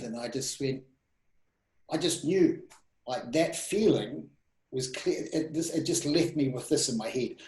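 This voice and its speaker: A man in his thirties telling personal stories in an interview, animated and full of restarts and quoted self-talk. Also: medium pitch, moderate pace. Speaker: guest speaker. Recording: roomy echo.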